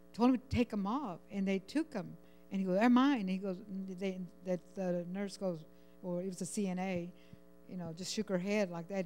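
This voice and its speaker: A woman sharing a personal prayer request at church, rambling and halting with many fillers, sounding overwhelmed and close to tears. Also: mid-range voice, darkish tone. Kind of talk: emotional personal testimony.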